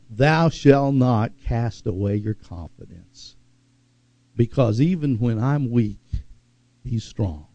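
A man preaching a sermon, with dramatic pauses and drawn-out words for emphasis. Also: medium pitch, creaky, mellow, dry recording, dull audio. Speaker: pastor.

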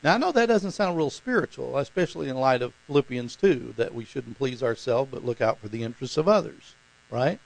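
A man's voice: mid-range voice, animated, fairly quick, gravelly, no echo, rough recording. A man preaching a conversational sermon as pastor, talking informally and putting questions to his congregation.

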